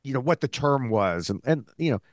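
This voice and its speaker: A male podcast co-host talks casually and builds his points in short, halting bursts. His voice sits at a middle pitch. The recording is dry and close. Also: animated, no room sound. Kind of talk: casual discussion.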